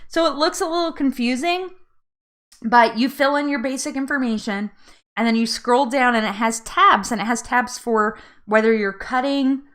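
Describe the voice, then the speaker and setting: A woman's voice: fairly high pitch, moderate pace, a bit bright. A woman in her thirties hosting a casual live chat, chatty, laughing often and tripping over words. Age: 30s. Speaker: host.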